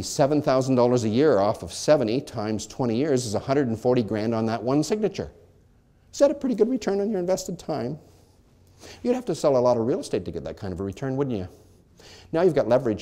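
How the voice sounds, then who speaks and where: Lively man giving a seminar talk. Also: medium pitch. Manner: asks and answers his own questions, voicing both sides. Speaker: real estate brokerage presenter.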